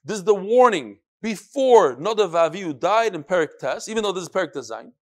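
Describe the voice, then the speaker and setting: Animated man teaching a Talmud class. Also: high-pitched, fairly quick. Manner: animated, sing-song study cadence mixing Hebrew and Yiddish terms.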